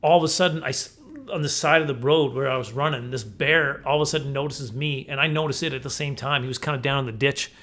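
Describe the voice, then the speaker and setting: A man's voice: mid-range voice, fairly even intonation, fast talker, fairly bright tone. A man in his forties telling a rambling, self-correcting story to camera, laughing often. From Canada. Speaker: comedian vlogger.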